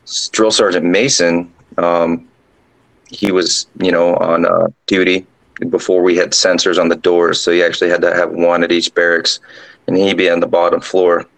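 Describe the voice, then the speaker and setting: A drill sergeant guest casually telling a ghost story, rambling along with lots of fillers. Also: male voice, sits low, flat delivery, moderate pace, vocal fry, poor audio.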